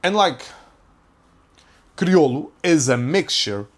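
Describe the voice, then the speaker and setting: A man's voice: fairly high pitch, very animated, slow. A young man, rambling through a casual podcast monologue, full of questions and frequent swearing. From Portugal. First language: Portuguese. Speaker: podcast host.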